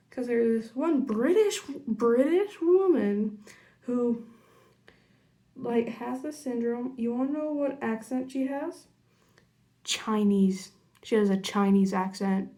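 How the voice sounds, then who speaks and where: A young woman chatting casually through a makeup tutorial, rambling into side stories and muttering quietly while she works. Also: high-pitched. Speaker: makeup vlogger.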